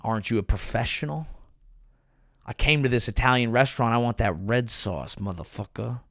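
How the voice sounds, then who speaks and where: A man voicing a crude, demanding middle-aged mogul in a low, muttered, bossy tone for a comedy bit. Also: normal speed, gravelly, fairly bright tone, dry recording, studio quality.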